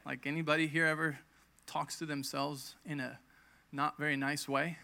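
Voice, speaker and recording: A man's voice: on the high side, level tone, moderate pace, creaky, sharp tone, smooth. A man in his thirties preaching a conversational sermon, telling his own healing story and acting out quoted lines with emphasis. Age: 30s. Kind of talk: sermon with personal testimony.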